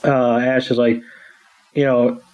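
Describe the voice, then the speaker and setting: Slow, rambling man in the middle range. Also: mid-range voice, level tone, a little mellow, slight background noise, rough recording. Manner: rambling, many ums and restarts. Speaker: podcast co-host. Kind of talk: casual episode recap.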